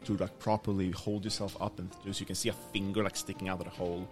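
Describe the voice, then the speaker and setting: A man with a low voice runs a tabletop game, describing scenes in a halting way, full of restarts and "uh"s. Faint music plays behind him. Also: level tone, darkish tone. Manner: hesitant, filler-heavy narration with many restarts. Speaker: game master.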